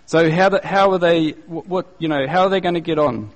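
A male pastor preaching a sermon in a conversational, animated way, using casual slang and acting out the people he quotes. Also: a little high, brisk, muffled recording. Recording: long reverb, echoey hall.

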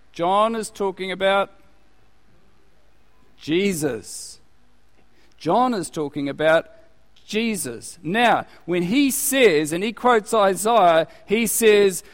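A man preaching a sermon, asking his listeners questions and rising in volume when he quotes scripture. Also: on the high side. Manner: unhurried, rising loud on scripture quotes, asks the audience questions. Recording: long hall reverb.

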